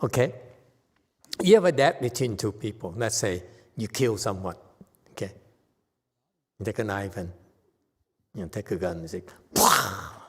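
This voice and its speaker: A man with a Chinese accent giving a Buddhist Dharma talk, explaining ideas slowly and often checking with his listeners. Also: fairly low pitch, lively intonation, a little mellow, husky, long reverb tail. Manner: slow, conversational teaching with frequent "okay?" checks. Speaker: Buddhist meditation teacher. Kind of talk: Dharma talk with audience questions.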